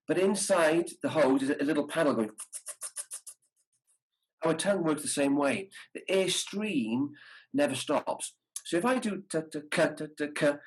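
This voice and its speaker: A man with a slightly high, husky voice teaches tonguing in a brass masterclass held by video call, patiently sounding out articulation syllables for practice. The recording is rough.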